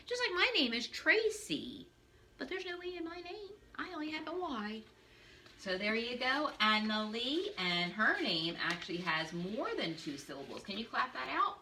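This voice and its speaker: A woman teacher giving a phonics lesson for young children from her living room, in an animated, sing-song way with playful asides. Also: fairly high pitch, slight background noise. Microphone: camera on a stand.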